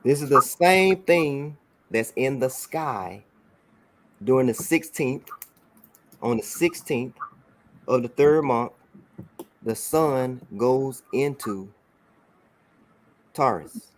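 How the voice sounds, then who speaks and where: A man's voice: medium pitch, expressive, takes it slowly, long pauses, a little hiss or hum. A man teaching a religious class over a broadcast, often saying "all right" and checking that his student follows along.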